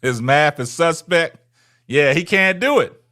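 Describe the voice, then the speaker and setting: A man's voice: fairly high pitch, lively intonation, measured pace, sharp tone. A man, hosting a casual livestream and talking to viewers in the chat. He taunts them, repeats himself and ends many phrases with "man". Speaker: livestream host.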